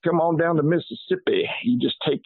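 Hollering rowdy cowboy. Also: male voice, a little fast, slightly rough, no room sound. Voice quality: high, hollering drawl. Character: rowdy crude male Southern cowboy. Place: hotel room. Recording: tinny dry phone line.

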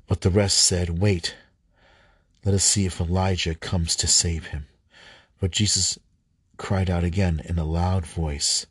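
A man reading scripture aloud, halting at times, stumbling and rereading lines. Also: low-pitched, slightly rough, no echo. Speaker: scripture reader.

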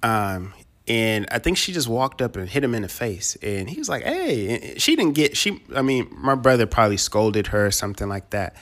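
A man's voice: lowish voice, sing-song, brisk, a bit bright. A man in a casual podcast chat, telling a family story in a rambling, hesitant way full of fillers.

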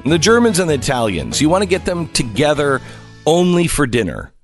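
Lively talk radio host. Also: male voice, fairly quick, faint music behind. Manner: animated, jokey, swings his pitch widely. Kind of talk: talk radio banter and live ad read.

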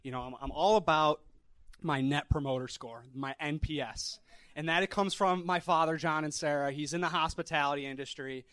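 A fairly high-pitched man spins a rambling story for a live podcast audience, restarting his sentences as he goes. His voice sounds close and dry, with almost no room around it. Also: a little fast, a bit bright, no echo. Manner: rambling anecdote with repeated restarts. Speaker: podcast co-host. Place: live show at a brewery.

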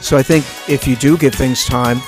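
A man's voice: medium pitch, fairly even intonation, normal speed. Reflective man with music underneath. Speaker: podcast co-host. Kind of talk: casual chat about 1980s pop hits. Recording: music playing under the talk.

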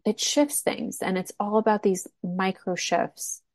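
A woman's voice: medium pitch, fairly even intonation, measured pace, no room sound, clean studio sound. A woman co-hosting a podcast, speaking in an encouraging, motivational way with rhetorical questions. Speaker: podcast co-host. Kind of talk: casual conversational podcast.

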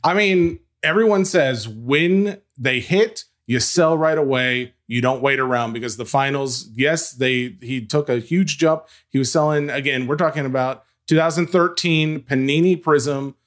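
A man's voice: medium pitch, unhurried, few pauses. A man co-hosting a casual sports-card podcast, dry and sarcastic, reading out sale prices. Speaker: podcast co-host. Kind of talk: casual podcast chat about sports cards.

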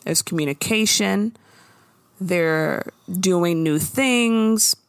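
A woman co-hosting a casual chat, recapping a TV episode with animated storytelling and acted-out lines. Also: lowish voice, drawn-out words, smooth, no echo. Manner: animated storytelling, acting out characters' lines with laughs. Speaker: podcast co-host recapping a TV episode.

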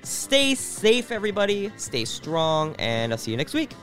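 A man with a fairly high, lively voice wraps up his podcast with cheerful thanks. Soft music plays under him. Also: unhurried. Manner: upbeat, friendly thanks. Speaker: podcast host. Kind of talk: show sign-off.

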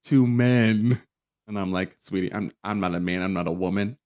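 A young man hosting a casual solo pop culture podcast, sassy and campy, dramatic, often jumping up into high mocking voices. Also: little pitch movement, fast, muffled recording. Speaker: podcast host.

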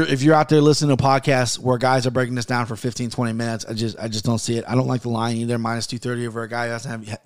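A man in his thirties hosting a casual podcast, ranting with plenty of swearing and then giving fight betting picks. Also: medium pitch. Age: 30s. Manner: heated, profane, rambling.

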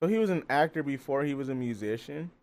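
A man co-hosting a podcast, chatting casually about movies in an animated way, laughing and chiming in. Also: medium pitch. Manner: animated, quick to laugh and chime in. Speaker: podcast co-host.

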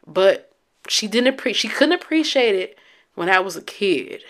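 A woman's voice: mid-range voice, big pitch swings, a little slow. Candid, teary woman vlogging to camera. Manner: candid, emotional, speaks straight to her viewers. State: teary from recent crying. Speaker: vlogger sharing her healing journey. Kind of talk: casual heartfelt talk to camera.

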